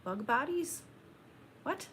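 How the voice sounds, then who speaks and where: A young woman hosting a casual livestream, reading chat aloud and chatting back in a slow, laid-back drawl. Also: high voice, expressive, a bit bright, a little hiss or hum.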